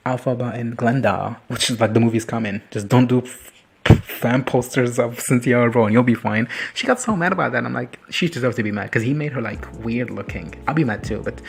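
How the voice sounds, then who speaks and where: A reaction vlogger with a husky, medium-pitched voice and some vocal fry gives a casual recap of a TV episode. He's crude and swears freely, laughs often, and acts out the characters as he goes.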